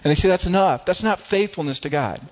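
A man's voice: fairly high pitch, animated, quick pace, dull audio. A man preaching a sermon as pastor, often restarting phrases and rising into pleading when he quotes prayers.

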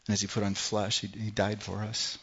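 A man preaching a sermon as pastor, swinging from loud, forceful scripture reading to soft, hushed lines. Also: fairly low pitch, completely flat delivery, fairly quick, husky, dull audio. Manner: impassioned, rising loud when reading scripture, then dropping soft.

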